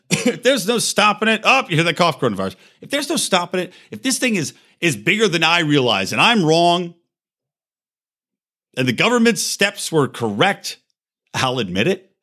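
A man's voice: sits high, big pitch swings, moderate pace, sharp tone. Heated, profane male podcast host. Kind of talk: ranting monologue.

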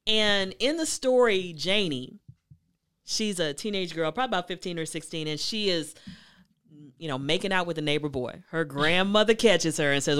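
A woman hosting a motivational talk, telling a story in a chatty, emphatic, animated way. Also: on the low side, moderate pace, smooth. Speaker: host.

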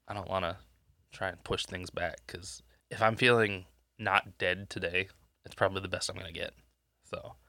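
A low-pitched man with a bright, sharp edge to his voice, talking through a podcast mic while sick and congested. He rambles in casual chat, swears freely and loses track of his point, and the sound is dry and close. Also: no room sound. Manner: rambling, profane, loses his train of thought. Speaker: podcast co-host. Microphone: podcast microphone.

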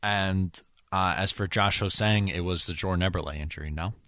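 A man with a notably deep, low voice co-hosts a casual sports podcast. He is relaxed and teasing and keeps steering the talk to the next topic. The sound is dry and close, with no room around it. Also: normal speed, no room sound. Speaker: podcast co-host.

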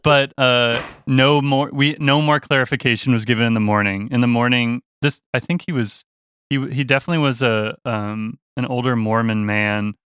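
A man in a band telling a tour story in a casual, animated way, often laughing and acting out the other people's voices. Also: medium pitch, moderate pace, clean tone, no room sound.

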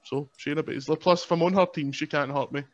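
Guy, chatty podcast guest, slightly high, lo-fi audio. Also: steady tone, quick pace. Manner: rambling, joking, laughs often. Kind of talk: casual sweary chat. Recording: dull lo-fi sound.

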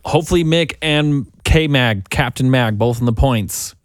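A man's voice: mid-range voice, measured pace, clean tone, dry recording, clean studio sound. A man co-hosting a podcast, chatting casually and jokingly. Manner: playful, laughing, jokey. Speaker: podcast co-host. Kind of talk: casual chat.

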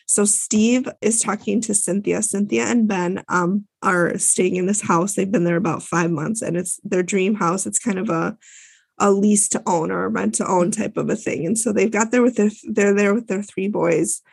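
A woman's voice: mid-range voice, fairly even intonation, moderate pace, creaky, husky, no echo. A woman co-hosting a podcast, chatting casually as she recaps a show with many fillers and restarts. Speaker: podcast co-host.

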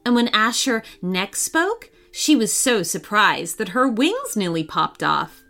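A woman hosting a children's story show, reading aloud in an animated, expressive storybook manner. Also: mid-range voice, takes it slowly, vocal fry.

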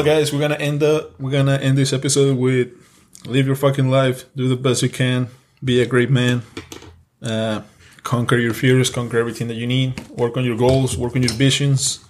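A man's voice: medium pitch, a little mellow. A man with a Mexican accent, Spanish his first language, co-hosting a casual podcast in an earnest, repetitive way, swearing freely. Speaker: podcast co-host.

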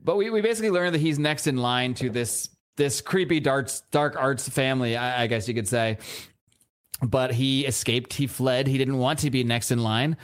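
A man's voice: mid-range voice, normal speed. A man co-hosting a live podcast, casually recapping a comic book scene by scene with many restarts and lines of dialogue read aloud. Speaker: podcast co-host. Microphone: podcast mic, live show.

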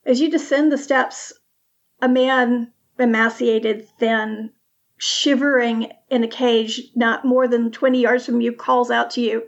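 A woman's voice: a little high, steady tone, measured pace, gravelly, dull audio. A woman narrating a tabletop game as game master, describing scenes vividly.

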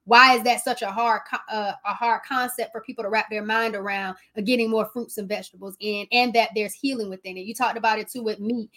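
A woman's voice: on the high side, fairly even intonation, brisk, hardly any pauses, sharp tone. A woman hosting a podcast, reflecting emphatically and asking rhetorical questions. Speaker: podcast host. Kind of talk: casual podcast chat.

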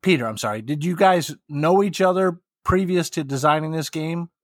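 A man's voice: fairly high pitch, moderate pace, dry recording, clean studio sound. An American man co-hosting a podcast, joking and laughing through a casual interview. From United States. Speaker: podcast co-host.

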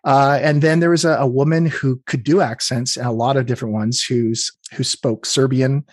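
A man's voice: medium pitch, fairly even intonation, normal speed, no room sound, studio quality. A man from Canada, a game developer, talking through his choices in an interview, with many restarts and fillers. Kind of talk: interview, conversational.

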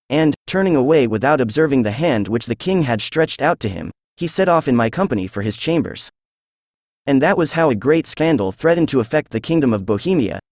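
A synthesized male voice reading a classic detective story in an even, measured way. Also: mid-range voice, dry recording. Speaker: audiobook narrator. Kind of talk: scripted narration.

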